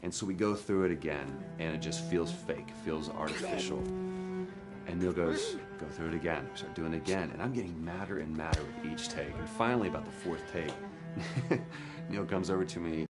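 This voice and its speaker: A man, an actor, candidly recounting a hard day on set in a documentary interview, sometimes dropping to a hush. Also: extremely low pitch, brisk, over loud music. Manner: candid, animated storytelling, drops to a hush for quotes. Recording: interview with score under it.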